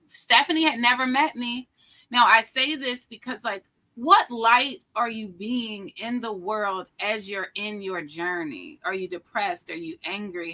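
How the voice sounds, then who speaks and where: A middle-aged woman guest telling an inspirational personal story with an animated, emphatic, preacherly delivery. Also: medium pitch. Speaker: podcast guest.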